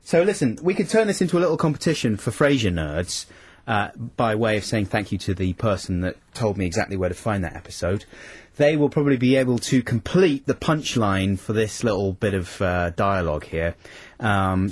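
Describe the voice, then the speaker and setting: A man's voice: on the low side, expressive, moderate pace, slightly rough. A man hosting a radio show in a studio, chatting casually, stammering and apologising while laughing at himself. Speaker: radio host.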